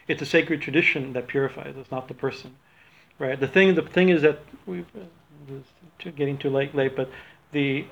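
A man's voice: medium pitch, fairly even intonation, moderate pace, vocal fry. A man teaching an informal religious talk, rambling with many restarts and a habit of asking "right?". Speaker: spiritual teacher. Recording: dull lo-fi recording.

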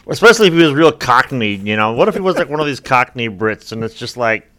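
A man's voice: mid-range voice, very animated, fairly quick, bright, forceful tone. A man co-hosting a casual podcast chat, tossing in wry, joking asides. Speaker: podcast co-host.

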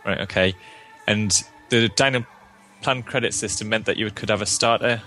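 A man co-hosting a casual podcast chat, talking in a halting way with restarts. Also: on the low side, soft background music. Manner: hesitant, restarts, animated. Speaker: podcast co-host.

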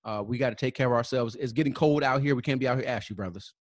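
A man co-hosting a podcast, giving casual sponsor shout-outs and spelling out web addresses slowly, with many fillers. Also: medium pitch, dry recording, studio quality. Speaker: podcast co-host.

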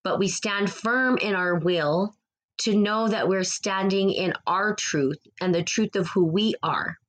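A woman's voice: mid-range voice, unhurried, poor audio. A woman speaking to her followers in a casual spiritual monologue, passionate and rambling, repeating herself as she gets preachy.

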